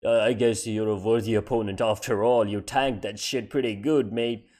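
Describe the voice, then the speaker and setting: A man's voice: fairly low pitch, fairly even intonation, extremely slow, warm tone, voice pushed down. A man voicing a smug, goofy male swordsman in a silly put-on accent.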